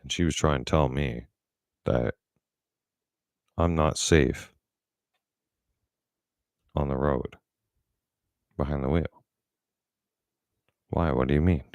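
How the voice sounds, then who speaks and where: Very deep-voiced angry man. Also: takes it slowly, long pauses, a little mellow, dry recording, clean studio sound. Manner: blunt, profane, angry storytelling. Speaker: vlogger. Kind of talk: casual storytelling.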